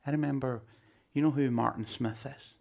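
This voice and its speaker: A man delivers a sermon with a gravelly, creaky texture in his voice. His pitch sits in an ordinary middle register. He leans hard on key words and slips in humorous asides to the congregation. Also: fairly even intonation, moderate pace, a little mellow. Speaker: preacher.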